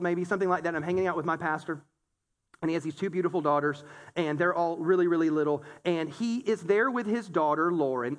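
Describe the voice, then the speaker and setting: A man's voice: sits high, long reverb tail. A man in his thirties preaching a sermon, telling funny stories with acted-out quotes. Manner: animated, humorous storytelling with acted-out quotes. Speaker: pastor.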